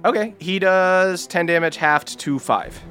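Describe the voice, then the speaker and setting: A man's voice: sits high, unhurried, bright, forceful tone, faint music behind. A man running a tabletop game as game master, casual and explaining rules.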